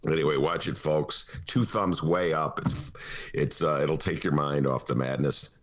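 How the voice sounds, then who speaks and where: A man's voice: a bass voice, fairly even intonation, measured pace. A middle-aged man hosting a casual podcast talk show from a studio, rambling through jokes and asides with frequent chuckles. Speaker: podcast host.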